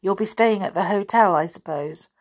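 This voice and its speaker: A woman's voice: mid-range voice, normal speed, darkish tone, husky, close to an everyday voice. A woman voicing a proud, firm tomboy girl in a storybook reading. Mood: matter-of-fact. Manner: cold, firm.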